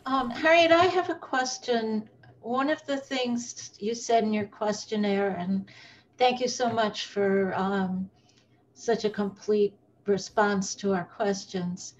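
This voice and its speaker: Slow, polite woman interviewer on muffled call. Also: mid-range voice, fairly even intonation. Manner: courteous, thanks the guest. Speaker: interviewer from a local political club.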